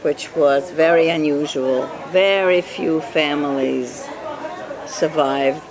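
An older woman whose first language is Yiddish, telling her life story slowly in an oral history interview, repeating words for emphasis. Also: sits low, crowd noise. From Eastern Europe. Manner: slow, reflective storytelling with emphatic repetition.

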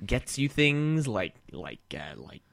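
A man co-hosting a casual online show, chatting in an animated, rambling way with restarts. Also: on the low side, slow, gravelly, no room sound. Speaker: co-host. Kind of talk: casual chat.

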